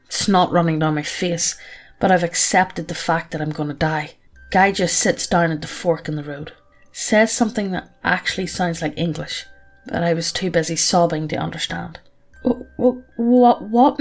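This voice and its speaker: A woman narrating a first-person horror story in a casual, profane, present-tense style. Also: lowish voice.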